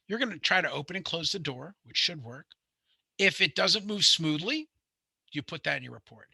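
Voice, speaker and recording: A man's voice: on the high side, gravelly, sharp tone, husky, no echo. A middle-aged man, teaching a home inspection class in a rambling, conversational way, full of fillers and restarts. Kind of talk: classroom lecture with anecdotes.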